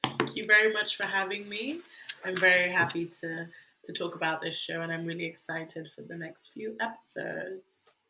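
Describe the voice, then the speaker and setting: A young woman guesting on a podcast in casual chat, quick and playfully sharp with her opinions. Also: fairly low pitch, steady tone, reverberant, noisy background.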